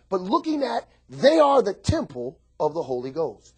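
Husky, animated male preacher. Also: high-pitched, moderate pace. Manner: animated preaching that swings from soft asides to shouts; folksy and joking with the congregation. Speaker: pastor. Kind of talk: sermon.

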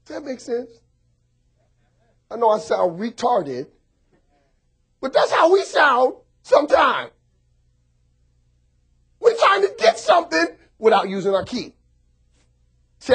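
High, wildly swooping shouting preacher man. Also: slow, long pauses, breathy edge. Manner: animated preaching, often bursts into shouts and calls out to the congregation. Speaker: pastor. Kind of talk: sermon.

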